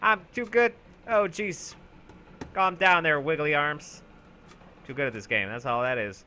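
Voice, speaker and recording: A man's voice: fairly high pitch, unhurried, slight background noise. Goofy, boastful young man gaming. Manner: boastful, goofy, yelling for help in mock panic. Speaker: gaming YouTuber. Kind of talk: let's play commentary.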